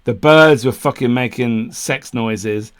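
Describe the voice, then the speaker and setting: Co-hosting a podcast, a man tells a long camping story in relaxed chat, swearing freely, acting out what people said and laughing mid-story. His mid-range voice is smooth and slow.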